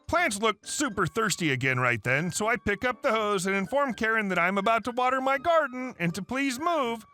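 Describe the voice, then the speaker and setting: Lively high-voiced man reading stories. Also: moderate pace, hardly any pauses. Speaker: narrator. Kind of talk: reading reddit stories aloud. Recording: faint background music.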